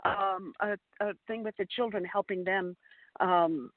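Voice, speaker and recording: A woman's voice: mid-range voice, fairly even intonation, a little slow, no room sound. A woman from California chatting eagerly and casually as a guest panelist. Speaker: psychic and show host. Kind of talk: casual chat. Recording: dry phone-like call audio.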